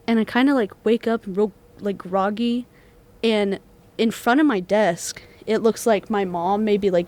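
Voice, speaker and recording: A young woman, co-hosting a student podcast and telling a ghost story in casual chat, full of fillers. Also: medium pitch. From Texas. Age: young adult. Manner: animated storyteller, many fillers, acts out quoted voices.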